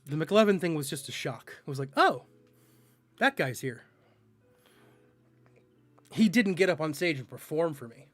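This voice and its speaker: A male streamer talking loosely to his chat while he plays, teasing viewers and stumbling over words he can't pronounce. His voice sits a touch high for a man. Faint music runs quietly behind him. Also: animated, fast talker, hardly any pauses, no room sound. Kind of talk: casual live-stream chat while gaming.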